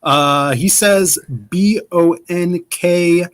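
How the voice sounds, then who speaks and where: A man's voice: mid-range voice, animated, moderate pace, very noisy. A man hosting a casual comics livestream, reading viewer messages aloud in a playful, upbeat way. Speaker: host reading chat.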